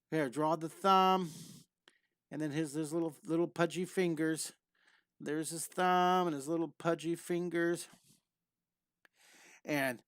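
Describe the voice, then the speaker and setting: A man's voice: on the high side, fairly bright tone, clean tone, dry recording, studio quality. Upbeat man teaching drawing live. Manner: upbeat, encouraging, repeats reassuring catchphrases. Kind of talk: live online drawing lesson.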